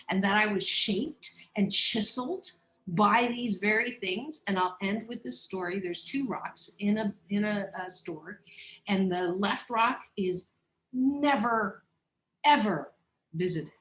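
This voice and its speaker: A woman who is a psychologist and coach, a guest on a podcast interview, telling personal stories in a candid, animated, expressive way. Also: mid-range voice, unhurried, reverberant. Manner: animated, expressive, acts out voices, laughs often.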